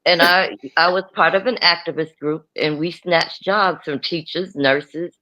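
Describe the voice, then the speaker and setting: A woman's voice: on the low side, steady tone, unhurried, pushed and bright, highs cut off. A woman speaking as an activist guest on a live-stream chat, outspoken and unapologetic.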